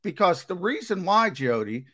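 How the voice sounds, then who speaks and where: A man's voice: high-pitched, normal speed. A man talking sports analysis on a talk show. He starts sentences over and over, then drives his points home with emphatic bursts. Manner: hesitant restarts, emphatic and animated.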